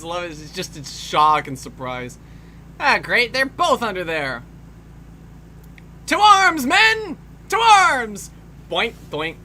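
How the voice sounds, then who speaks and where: A man's voice: fairly high pitch, sharp tone, a little hiss or hum. A man giving casual film commentary, swearing freely and laughing often.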